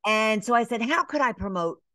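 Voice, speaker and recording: A middle-aged woman from Atlanta, a business coach, telling her story in a casual interview, with lively asides, many fillers and short bits acting out other voices. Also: a little high, brisk, no room sound, clean studio sound. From Atlanta, Georgia. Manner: animated storyteller, acts out quoted voices, many "you know" fillers. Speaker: business coach and podcast guest.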